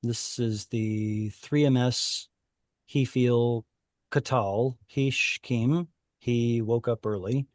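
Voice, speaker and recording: A man teaching a Hebrew class online over a video call, explaining patiently and thinking aloud with pauses. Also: medium pitch, fairly even intonation, no echo, studio quality.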